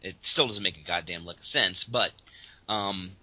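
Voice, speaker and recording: A man's voice: sits low, moderate pace, sharp tone, dry recording. A man co-hosting a podcast, telling a story in an exasperated, ranting way during casual comedic chat. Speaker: podcast co-host. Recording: dull lo-fi podcast audio.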